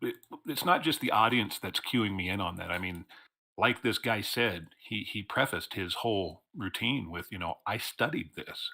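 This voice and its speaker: A man's voice: on the low side, expressive, moderate pace, bright, forceful tone, breathy edge. A man co-hosting a casual live stream, reading out donations and chatting with stumbling restarts. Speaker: co-host.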